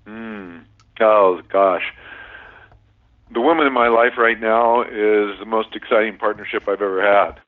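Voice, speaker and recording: A man's voice: lowish voice, measured pace. A man speaks earnestly and reflectively, laughing now and then and circling back on his words. His voice is thin and phone-like and sounds far from the mic. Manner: earnest, reflective, laughs often, many restarts. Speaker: guest sharing a relationship compatibility system. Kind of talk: casual interview talk. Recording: distant, tinny phone-line sound.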